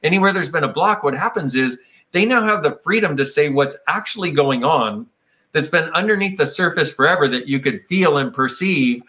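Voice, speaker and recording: Bright-voiced man in a meandering talk. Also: fairly high pitch, expressive, brisk. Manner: meandering, reflective, slips into playful quoted voices. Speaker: speaker on personal growth. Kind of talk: casual conversational talk.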